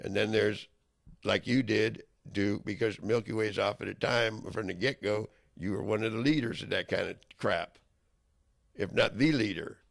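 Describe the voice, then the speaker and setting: A man delivering a heated, rambling monologue, profane and swinging into loud outbursts. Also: fairly low pitch, moderate pace, gravelly. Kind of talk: angry ranting monologue.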